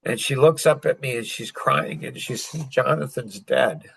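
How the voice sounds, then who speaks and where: An older man telling a painful personal story as a podcast guest, halting and full of restarts. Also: medium pitch, vocal fry, fairly bright tone, breathy edge, no echo, rough recording. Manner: halting, emotional retelling with many restarts.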